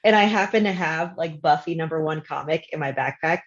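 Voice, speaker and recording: A woman guest on a podcast speaks in a relaxed, wry way and drops playful asides. Her voice is very low, and the audio comes through dull and lo-fi. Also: brisk. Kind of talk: casual chat.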